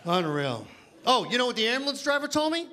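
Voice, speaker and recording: A man's voice: very high-pitched, very animated, fairly quick, crowd noise, background noise. A man doing a stand-up set on a comedy club stage, telling rambling, self-mocking stories that he keeps stumbling through.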